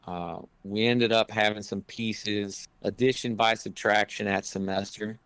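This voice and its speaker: A man's voice: on the low side, steady tone, a little slow, fairly bright tone, clean tone, no echo. A man who coaches college basketball, talking casually in an interview and rambling with lots of "you know" fillers.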